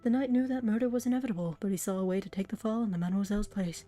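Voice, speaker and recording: A woman voicing a sly male bird investigator who poses as a prince, with a smooth, evasive manner. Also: mid-range voice, very fast, mellow, soft background music, close to an everyday voice. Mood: scheming.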